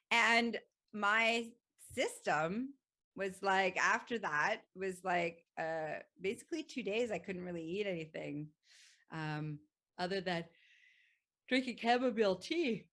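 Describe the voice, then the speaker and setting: A woman hosting a podcast, telling a personal story in an animated way, laughing often and swearing freely. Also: mid-range voice, takes it slowly. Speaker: podcast host.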